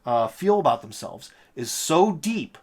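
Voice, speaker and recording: A man's voice: on the high side, very animated, unhurried, darkish tone, breathy edge. A man hosting a political commentary monologue, talking in an emphatic, rhetorical way with sarcastic asides. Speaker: host.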